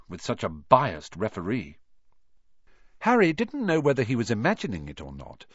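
A man reading a storybook aloud as narrator, in an expressive, animated way. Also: lowish voice, no room sound, dull audio. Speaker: audiobook reader.

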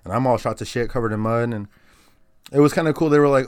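A man in his thirties recounts his time as an army medic with a casual, profane ease, laughing lightly even at the darkest moments. His voice sits at an ordinary middle pitch. It is recorded dry and close, with no room sound. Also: fast, clean tone, no echo. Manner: laid-back, profane, laughs while telling grim stories. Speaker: guest, former army medic. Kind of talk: casual podcast storytelling.

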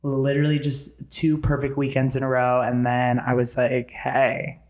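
A young man and podcast co-host telling a story in casual chat, animated and profane, acting out the lines of everyone in it. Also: medium pitch, normal speed. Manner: animated, profane, dramatic retelling with lots of quoted dialogue. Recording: roomy echo.

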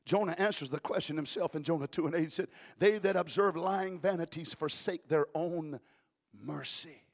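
Pastor, sermon delivery, high gravelly voice, drops low then shouts out. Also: male voice, moderate pace. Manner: swings from quiet talk to shouted preaching.

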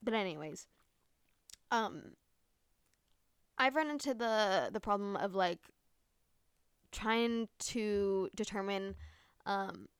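A woman's voice: mid-range voice, takes it slowly, pauses often, smooth, no room sound, studio quality. A young woman hosting a casual solo podcast at home, rambling through her thoughts with lots of fillers and casual swearing. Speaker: podcast host. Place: room at home with window open.

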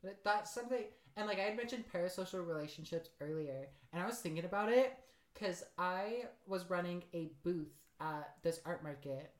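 A young woman in her twenties co-hosts a casual podcast chat in a fairly low voice. She throws in wry, dry jokes, and the room around her is echoey. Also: lively intonation, normal speed. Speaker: podcast co-host.

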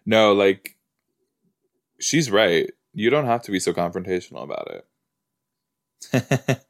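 A man with a lowish voice gives casual watch-along commentary on a podcast. He talks slowly and loosely, padding his thoughts with "like" and "you know". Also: sing-song, gravelly. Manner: chatty, rambling, lots of "like" and "you know". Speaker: podcast host.

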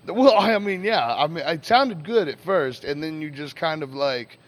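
A man's voice: fairly high pitch, expressive, moderate pace, no echo. A man co-hosting a podcast in casual, playful, jokey chat. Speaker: podcast co-host.

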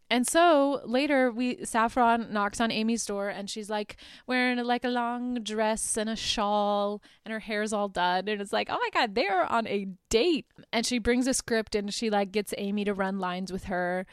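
A young adult woman hosting a podcast, chatting through a movie plot with lots of "like" and quick laughs. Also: medium pitch, fairly even intonation, clear, resonant tone, dry recording, clean studio sound. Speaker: podcast host. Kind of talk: casual movie recap.

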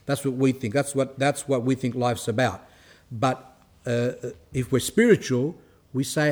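A man's voice: medium pitch, measured pace, darkish tone. A man giving a spiritual talk, reading quotes aloud and explaining them in a conversational way. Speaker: religious teacher. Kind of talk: spiritual talk reading and commenting on a saint's life.

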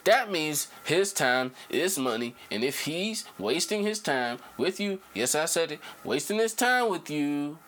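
A young man hosting a podcast in casual chat, animated, his voice jumping up when he gets excited and settling low when relaxed. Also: a little slow, few pauses, a little hiss or hum. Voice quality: low laid-back talking voice. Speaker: podcast host.

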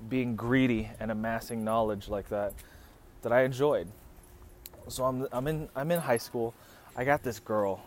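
A man hosting a podcast, telling crude, joking personal stories with plenty of swearing. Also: medium pitch. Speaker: podcast host. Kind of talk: casual storytelling. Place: living in the Philippines.

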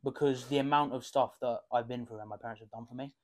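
A man's voice: mid-range voice, fairly even intonation, fast. A young man, co-hosting a podcast, swearing freely and searching for words. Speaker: podcast co-host. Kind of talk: casual chat.

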